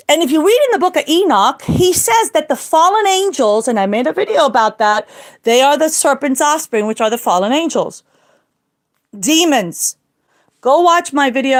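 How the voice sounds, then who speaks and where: Woman ranting on her livestream at home, high voice, keeps hammering the same points. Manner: emphatic, repetitive, preaching. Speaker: livestream host. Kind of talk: casual livestream monologue. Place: at home indoors.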